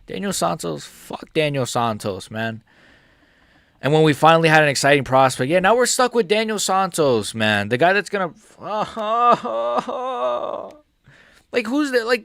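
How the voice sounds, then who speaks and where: A young man reacting live to a fight for his viewers, swinging between yelling insults and muttering in frustration, swearing heavily and talking to viewers by name. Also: on the high side, gravelly, no room sound. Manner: swings between angry shouting and muttered grumbling, heavy swearing. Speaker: MMA streamer reacting live.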